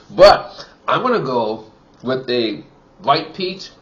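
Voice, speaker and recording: A man's voice: mid-range voice, very animated, unhurried, a bit bright, dull audio. A man giving a casual wine tasting review, chatty and full of "you know" fillers, from Wisconsin.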